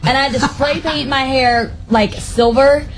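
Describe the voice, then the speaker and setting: A woman's voice: high-pitched, fairly even intonation, normal speed, a little hiss or hum, rough recording. A young woman talking as a guest on a call-in show, chatty and bubbly, with many casual fillers. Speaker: guest answering callers. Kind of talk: casual chat.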